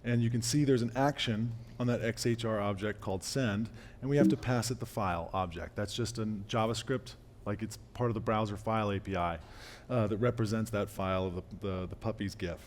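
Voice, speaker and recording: A man giving a casual live-coding talk at a meetup, losing his voice and clearing his throat, with fillers and restarts. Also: fairly low pitch, fairly quick, slight background noise. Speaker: meetup presenter. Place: meetup room.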